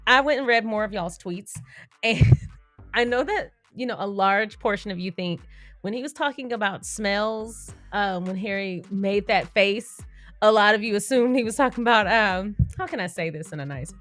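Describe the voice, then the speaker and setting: A woman's voice: mid-range voice, normal speed, fairly bright tone, no room sound, faint music behind. Chatty woman hosting a casual commentary vlog. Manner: chatty, laughs often, slangy asides. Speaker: YouTube commentary host.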